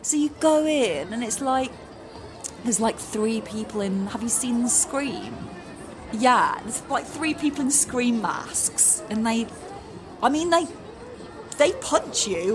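A woman playing an excited customer fresh out of a scare attraction in an improvised comedy sketch, breathless and rambling. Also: a little high, natural voice. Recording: loud music and crowd behind.

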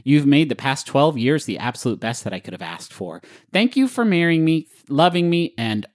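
Man, podcast co-host, goofy jokester, big swings in pitch, casual ad reads. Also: normal speed. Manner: jokey, goofy asides, lively swings in pitch. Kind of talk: playful casual ad reads and chat.

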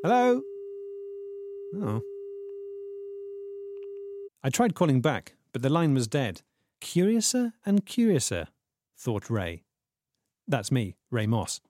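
A man narrating a comedy podcast investigation in an earnest, self-important, deadpan way. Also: mid-range voice, slow, long pauses, dry recording, clean studio sound.

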